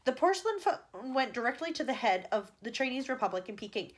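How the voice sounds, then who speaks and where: A woman's voice: a little high, sing-song, fairly quick. A woman teacher reading a chapter book aloud to children, breaking off for chatty asides.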